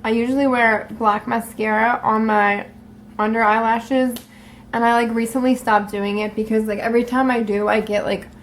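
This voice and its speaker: Storytime vlogger: a young woman with a fairly high voice, loose, cursing and animated. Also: normal speed, slight background noise. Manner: profane, animated, full of likes. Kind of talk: casual storytime vlog.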